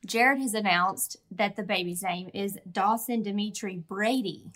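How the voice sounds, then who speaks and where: A woman's voice: mid-range voice, fairly bright tone. A woman talking as a guest in a casual podcast chat, chatty and playful. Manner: chatty, playful, quick agreeing asides.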